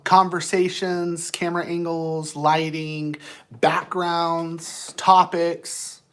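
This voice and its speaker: A man's voice: a little high, fairly bright tone. Playful rambling male streamer. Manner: playful, rambling, talks to chat. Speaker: livestream host. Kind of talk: rambling casual livestream chat.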